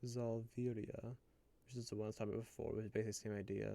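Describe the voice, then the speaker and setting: A man streaming live, musing aloud and muttering to himself with halting restarts as he builds a character. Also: lowish voice, little pitch movement, gravelly, warm tone. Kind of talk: musing aloud while looking things up.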